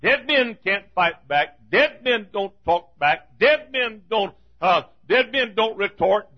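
A man preaching a fiery sermon in a church, repeating his lines and rising to shouts. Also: high-pitched, lively intonation, slow pace, hardly any pauses, highs cut off.

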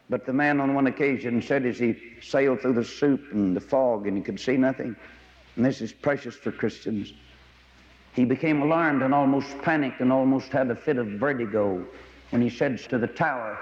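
A man, preaching a sermon in a folksy storytelling way, with sudden high, excited bursts. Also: brisk. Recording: dull lo-fi audio with long hall reverb.

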